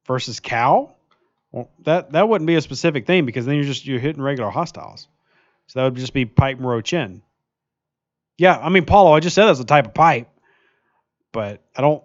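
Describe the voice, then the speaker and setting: His voice is a little high and expressive, at a moderate pace with frequent pauses, and the highs are cut off. The man is live-streaming a mobile game, chatting casually with jokes and plenty of laughter while reading viewer comments aloud.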